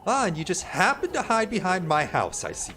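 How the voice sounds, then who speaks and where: A man voicing a stern, sharp-tongued young woman who scolds and threatens, read from game dialogue. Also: high-pitched, wildly swooping pitch, fairly quick, music in the background, pitched above the performer's own voice. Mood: threatening. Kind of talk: reading game dialogue aloud.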